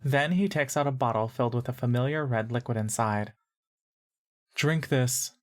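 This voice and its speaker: A woman narrating a story in second person in a calm, measured way. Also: very deep voice. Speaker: audiobook narrator.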